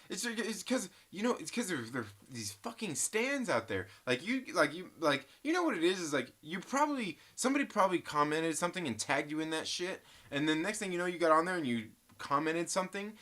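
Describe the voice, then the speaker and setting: A man's voice: fairly high pitch, pushed and bright. A man hosting a casual live stream, telling rambling stories full of swearing and frequent laughter, and reading chat comments aloud.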